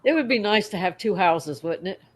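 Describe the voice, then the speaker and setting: A woman's voice: medium pitch, animated, a little fast. A woman co-hosting a casual livestream, easygoing, laughing between her words. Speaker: co-host of a fish-keeping livestream. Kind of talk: casual chat.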